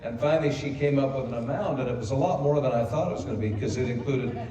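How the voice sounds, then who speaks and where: Hoarse older man in echoey hall. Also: mid-range voice, fast talker, warm tone, recorded from a distance. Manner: folksy, self-deprecating storyteller. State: hoarse from speaking. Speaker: company co-founder giving a convention speech. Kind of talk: personal storytelling speech. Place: large convention hall.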